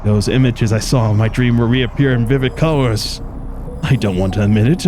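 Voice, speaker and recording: A man's voice: medium pitch, moderate pace. A man streaming a video game, reading its story text aloud dramatically and dropping wry asides between passages. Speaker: gaming streamer. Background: game music.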